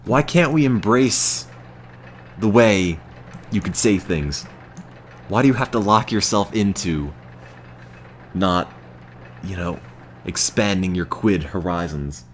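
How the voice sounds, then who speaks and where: An American man streaming a game, chatting to his viewers in a deadpan, self-mocking way. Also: sits low, slow pace, pauses often, a little hiss or hum. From United States. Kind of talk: casual gameplay commentary to chat.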